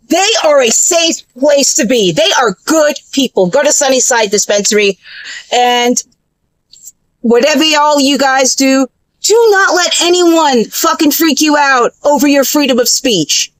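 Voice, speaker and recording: A high-pitched woman vents straight to the camera, stumbling through restarts and swearing freely. The sound is dry and close, with no room around her. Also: unhurried, dry recording, low-quality recording. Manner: animated, profane, lots of fillers and restarts. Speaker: vlogger. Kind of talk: casual storytelling rant.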